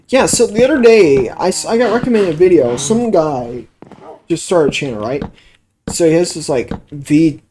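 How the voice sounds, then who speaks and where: A let's play gamer of medium pitch rambles through casual gameplay commentary, cursing when annoyed and quick to lose patience. His cheap home microphone picks up background noise, along with background music.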